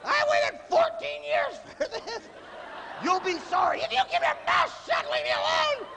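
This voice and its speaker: A man's voice: very high voice, expressive, moderate pace, vocal fry, shouting, crowd noise, pitched above the performer's own voice, full character voice. A man voicing a giddy, reckless, pleasure-seeking inner voice in a shrieking, gleeful way during a live talk. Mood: frantic. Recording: echoey hall, faint background noise.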